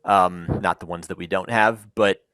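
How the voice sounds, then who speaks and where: A man's voice: deep voice, steady tone, moderate pace, a bit bright, smooth, no echo. A man speaking on a panel, telling the story of a startup in a conversational way, with frequent ums, and acting out the people in it.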